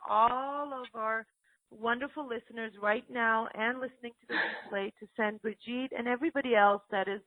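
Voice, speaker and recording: Woman, call-in host, reassuring, affectionate, higher voice, phone-line sound. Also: steady tone, normal speed. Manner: affectionate, reassuring, calls people honey and sweetheart. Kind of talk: call-in show hosting.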